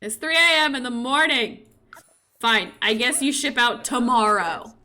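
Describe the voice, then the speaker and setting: A woman's voice: fairly high pitch, a little slow, bright, forceful tone. A young woman streamer chatting casually as she plays, talking to her game characters and voicing them playfully. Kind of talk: casual gameplay commentary.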